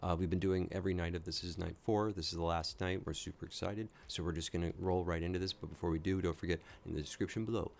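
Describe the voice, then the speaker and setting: A man's voice: deep voice, fairly even intonation, fast talker, creaky, hardly any pauses. A man hosting a late-night reaction stream, tired and rambling, joking and laughing at himself as he chats casually. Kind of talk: casual commentary.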